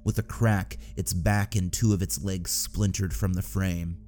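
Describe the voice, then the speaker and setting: A man narrating a dark story in a steady, subdued storytelling manner. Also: low-pitched, a little slow. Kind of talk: scripted audiobook narration.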